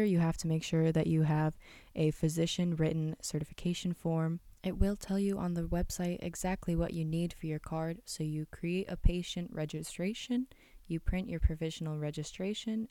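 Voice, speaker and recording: Chatty young woman, smooth low voice. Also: dark tone, no echo. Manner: chatty and enthusiastic, acts out little scenes. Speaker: podcast host. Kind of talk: casual solo podcast talk.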